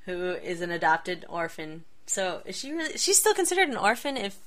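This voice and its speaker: A woman's voice: fairly low pitch, very animated, moderate pace, a bit bright. A woman co-hosting a casual podcast chat, retelling a comic with giggles and little put-on quotes. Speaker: podcast co-host reviewing comics.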